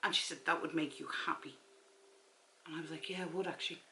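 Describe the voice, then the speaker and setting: A woman's voice: low voice, steady tone, fast talker, pushed and bright, slight background noise, low-quality recording. A woman in her forties with an Irish accent, chatting casually to camera at home and retelling a conversation with a friend. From Ireland. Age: 40s. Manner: chatty storytelling, acts out friend's replies. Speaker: vlogger. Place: her house, front room. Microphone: camera mic.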